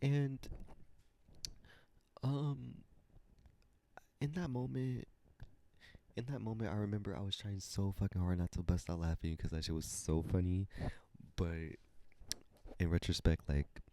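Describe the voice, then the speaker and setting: Gravelly low-voiced young man telling a story. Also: unhurried, pauses often. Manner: animated, profane, dramatic retelling with sudden whispers. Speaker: podcast host. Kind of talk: casual storytelling monologue.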